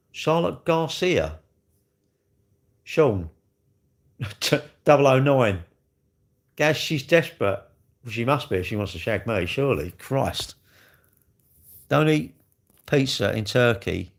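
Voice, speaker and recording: This livestream host has a fairly high voice with noticeable vocal fry. He chats loosely with viewers, wandering from topic to topic and cracking jokes as he goes.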